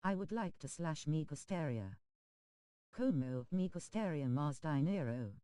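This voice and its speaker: This is a synthetic voice reading viewer chat on a game stream. Its tone is soft and warm, and the delivery stays smooth and even. It reads emoji names and abbreviations out literally, with a dry, close sound. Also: medium pitch, moderate pace, no echo, poor audio. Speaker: text-to-speech chat reader on a game stream.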